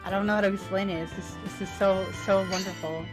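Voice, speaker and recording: A woman's voice: mid-range voice, steady tone, fast. A woman streamer in casual chat, rambling and sentimental, with lots of fillers. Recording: music playing behind.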